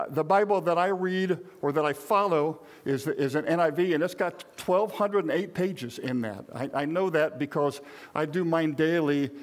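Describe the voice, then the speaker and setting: Older man, pastor preaching, high-pitched voice, loose conversational delivery, lots of restarts and asides. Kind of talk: sermon.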